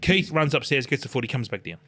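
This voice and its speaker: An older Australian man spins a rowdy anecdote at a quick clip, swearing freely as he goes. He drops into the other people's voices to act out the scene, and keeps the story rolling. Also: medium pitch, animated, fairly bright tone. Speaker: podcast guest. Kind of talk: animated storytelling.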